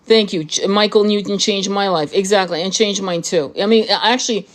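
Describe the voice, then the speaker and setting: A woman's voice: medium pitch, normal speed. A woman tarot reader speaking off the cuff to camera, blunt and emphatic, swearing often and restarting her sentences. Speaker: tarot reader and spiritual commentator. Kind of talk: unscripted rant to camera.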